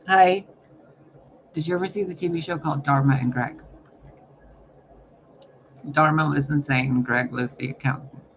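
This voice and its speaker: A man giving a casual spiritual reading, talking in a rambling, profane, animated way. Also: fairly high pitch, slight background noise. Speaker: spiritual reader. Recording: dull lo-fi recording.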